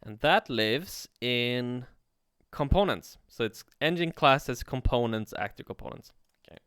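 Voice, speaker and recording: A man teaching coding on a livestream in a relaxed way, thinking aloud and swearing casually. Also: medium pitch, unhurried, smooth, dry recording, studio quality. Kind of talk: casual live coding tutorial.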